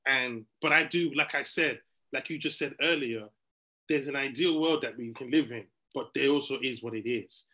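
A man in a heated sports debate, animated and argumentative, breaking into chants and laughter. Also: medium pitch, normal speed, low-quality recording.

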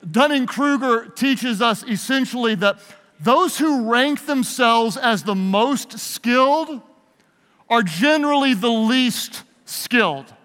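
A pastor speaks slowly in a very high, fairly bright voice with lively intonation, giving a leadership talk in a large hall. Playful and emphatic, he leads the live audience in call-and-response while the hall's long reverb lingers.

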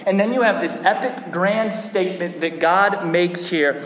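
A man preaching a sermon in an animated way, with repeated restarts and sudden bursts of emphasis. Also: high-pitched, moderate pace. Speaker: pastor. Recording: echoey hall with long reverb.

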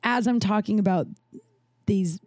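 With a darkish tone and a measured pace, a woman hosting a podcast tells a candid, casual story, cursing freely. When quoting other people, she performs their lines with big pitch leaps.

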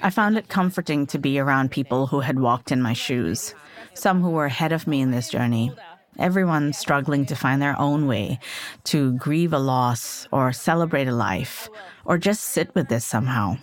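A woman's voice: extremely low pitch, normal speed. A woman in her forties narrating her family's story as a podcast host, candid and reflective.

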